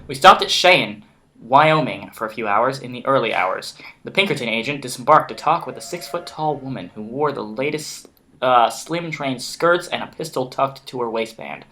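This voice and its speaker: Brief: casual gamer reading narration, trips over words, bright tone, mid pitch. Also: male voice, lively intonation, moderate pace, slight background noise. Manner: reads narration with slips and restarts, laughs often. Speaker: game player reading the story aloud. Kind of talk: casual let's-play chat and reading aloud.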